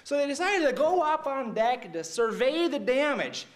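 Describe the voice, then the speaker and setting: A man playing a mixed-up, excitable storyteller who retells Bible stories to kids, rambling and checking in with "right?" and "okay?". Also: extremely high pitch, normal speed. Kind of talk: comic Bible story monologue.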